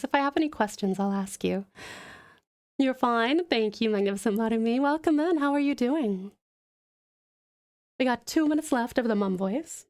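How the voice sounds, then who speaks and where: A woman streamer in a soft, soothing, smooth mum voice, doting on viewers as sweetheart and darling. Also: a little high. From Australia (Tasmania). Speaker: streamer and artist. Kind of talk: live-stream chat, thanking viewers.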